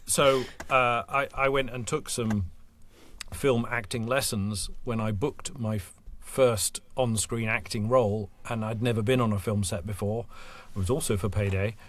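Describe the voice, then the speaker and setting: A man's voice: fairly low pitch, steady tone, a little slow, fairly bright tone, slight background noise. A man, a voice actor guest, chatting casually on a podcast in a rambling, self-deprecating way.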